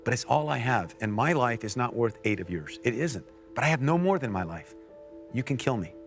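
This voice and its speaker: An American man telling a personal story on a faith talk show, earnest, with quiet and emotional stretches. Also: mid-range voice, big pitch swings, fairly quick, soft background music. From United States. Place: TV studio.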